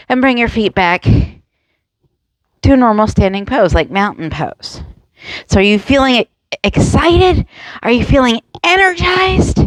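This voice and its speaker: A woman's voice: medium pitch, no echo. A woman leading a yoga lesson for children and their adults, encouraging, playful and full of questions to the kids. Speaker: kids' yoga instructor.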